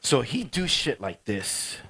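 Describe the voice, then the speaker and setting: A middle-aged man tells a story to a DJ workshop class, loose and slangy. His voice sits mid-range. He grows loud and animated as he goes. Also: mid-range voice, slow pace, loud music behind the voice. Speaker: DJ teaching a workshop.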